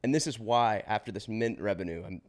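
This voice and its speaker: A man in his twenties, a podcast guest, telling his life story in a casual, slangy way with swearing and quick restarts. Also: fairly low pitch. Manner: slangy and swearing, says bro and dude; fast run-on telling with restarts.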